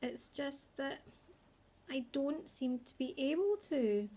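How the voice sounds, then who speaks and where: A woman's voice: high-pitched, animated, slow pace, mellow, voice pushed up, full character voice. A woman voicing a small, anxious baby barn owl boy who talks eagerly and earnestly.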